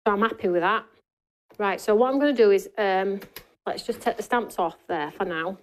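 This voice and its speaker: A craft show host presents a live demonstration in a studio, chatting with viewers and responding to their comments as she works. Her voice is medium-pitched and her pace moderate.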